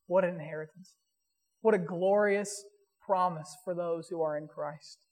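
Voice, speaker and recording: A man, a pastor, preaching a sermon earnestly and reading scripture aloud slowly. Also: very high-pitched, big-room sound.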